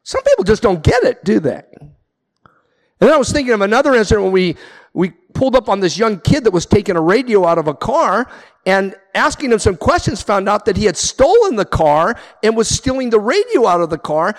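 A man's voice: high-pitched, big pitch swings, fairly quick, long reverb tail. A man preaching a sermon as pastor, emphatic, with repeated refrains. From Southern California.

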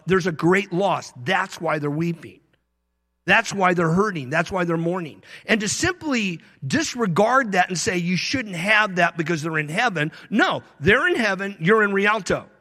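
A pastor giving a sermon in a conversational way, moving between loud emphasis and quiet asides. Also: male voice, high-pitched, in a large hall.

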